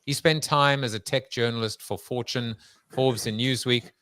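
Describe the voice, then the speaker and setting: A man voicing a deadpan male programmer, reading an introduction in a flat monotone. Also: medium pitch, moderate pace, no room sound, lightly acted.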